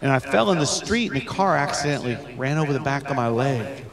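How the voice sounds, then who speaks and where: A man voicing a determined nine-year-old girl with a leg brace, speaking earnestly and quietly before a live audience. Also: medium pitch, expressive, fast, pitched below the performer's own voice, close to an everyday voice. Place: school assembly in a theater. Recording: live audience crowd in a theater.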